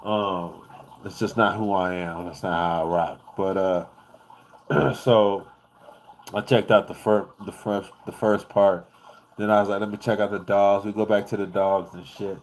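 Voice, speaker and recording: A man vlogging in a casual storytelling style, animated and rambling, who swears freely as he tells the story. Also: sits low, a little slow.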